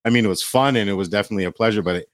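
A low-voiced man from Glendale, California talks as a podcast guest in a loose, meandering way, dropping fillers and swear words as he goes. His voice sits close and dry on the mic, with nothing around it. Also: racing, no echo. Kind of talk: casual podcast chat.

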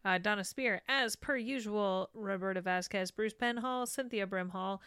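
A woman's voice: mid-range voice, moderate pace, fairly bright tone, clean tone, no room sound, clean studio sound. A woman co-hosting a podcast in casual chat, rattling off names with fillers. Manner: chatty, lists names with fillers. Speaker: podcast co-host.

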